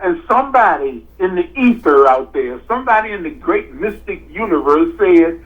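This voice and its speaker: Man, podcast co-host, earnest casual talk, high voice, dull lo-fi sound. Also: expressive, normal speed. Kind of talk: casual chat.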